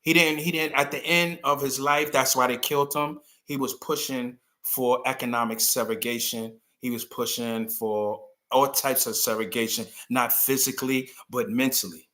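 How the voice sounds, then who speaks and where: Male show host, bright forceful voice, animated and loose, slips into quoted voices mid-rant. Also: mid-range voice, moderate pace, few pauses. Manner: animated, rambling, acts out quoted people. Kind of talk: casual opinion monologue.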